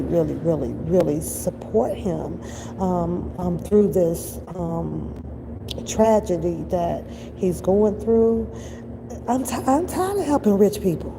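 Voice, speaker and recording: A woman's voice: medium pitch, background noise. A woman giving her blunt, profane opinions in a casual commentary rant, repeating phrases for emphasis. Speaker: reaction commentator.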